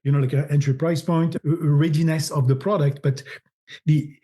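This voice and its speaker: Man with a French accent, middle-aged, mellow warm tone, fairly high voice, animated interview guest. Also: moderate pace. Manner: animated, repeats words while searching for phrasing. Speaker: agency founder, guest. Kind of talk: podcast interview.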